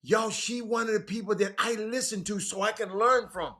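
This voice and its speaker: A man with a drawl hosts a casual stream, and his fairly high, very bright voice rambles along informally. He circles back on himself, repeating words and dropping slang as he talks to viewers. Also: fairly even intonation, moderate pace. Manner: repetitive, stop-start, informal slang. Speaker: livestream host.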